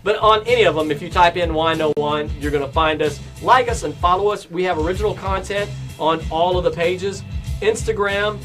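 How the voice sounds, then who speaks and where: A man's voice: high-pitched, a little fast, fairly bright tone. A man from Texas, standing in as host in a casual chat, rambling with lots of restarts and fillers. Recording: music playing in background.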